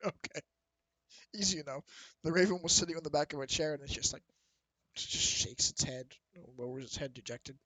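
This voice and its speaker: A man narrates a tabletop role-playing game as game master in a loose, chatty way, with frequent ums. His voice sits fairly high for a man. The recording is dry and close. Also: a little fast, bright, forceful tone, no echo, low-quality recording. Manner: casual, laid-back, with fillers.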